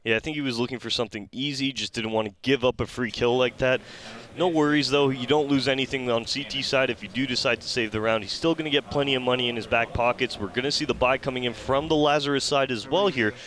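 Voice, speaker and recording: Steady male esports play-by-play caster. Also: medium pitch, fast talker. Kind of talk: live esports commentary.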